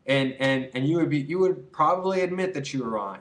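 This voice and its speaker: A man's voice: mid-range voice, expressive, moderate pace, a bit bright. A young man talking straight to camera in a loose, rambling monologue, earnest and full of fillers. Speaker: vlogger. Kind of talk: casual to-camera advice monologue.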